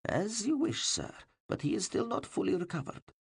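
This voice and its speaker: A man's voice: high voice, very animated, normal speed, vocal fry, slightly rough, dry recording, clean studio sound, pitched above the performer's own voice, full character voice. A man voicing a fussy, cautious court doctor in an audiobook. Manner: fussy, concerned. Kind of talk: audiobook character voice.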